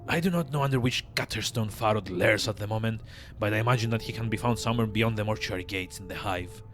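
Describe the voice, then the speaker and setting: A frail, ancient keeper of the dead speaks in a raspy, hushed rasp, put on by a man reading a game aloud. His words come slow and grave, weighed down by weariness. The voice sits low and quiet. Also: music in the background, lightly acted. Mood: disdainful. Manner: slow solemn speech broken by coughing rasp. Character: frail ancient male mortuary scribe, grave and weary.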